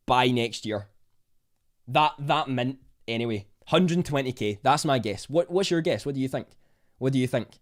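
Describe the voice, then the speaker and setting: A young man with a Scottish accent chatting casually on a livestream, reading out viewer comments with bursts of excitement. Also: mid-range voice. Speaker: livestream host.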